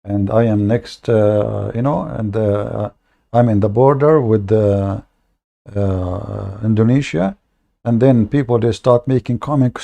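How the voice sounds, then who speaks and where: A man hosts a debate livestream in a gravelly, mellow voice. He talks in a mocking, sarcastic way, stopping often on fillers as he goes. His pitch sits in the middle range. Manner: halting, many fillers. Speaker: online debate host. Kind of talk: livestream commentary.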